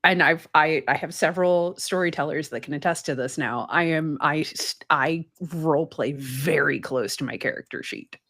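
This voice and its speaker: A woman's voice: sits low, moderate pace, hardly any pauses, fairly bright tone. A woman co-hosting a podcast in casual chat, laughing often and swearing casually. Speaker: podcast co-host.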